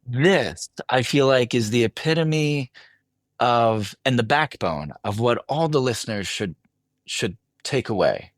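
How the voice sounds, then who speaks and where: A man, an actor guest, telling an animated anecdote in a casual interview and voicing the people in it. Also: medium pitch, measured pace, dry recording. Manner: animated anecdote telling, voices others in quotes.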